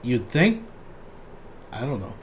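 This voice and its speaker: A man's voice: medium pitch, very animated, takes it slowly. A man hosting casual commentary, wry and rambling, trailing off with fillers. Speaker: host.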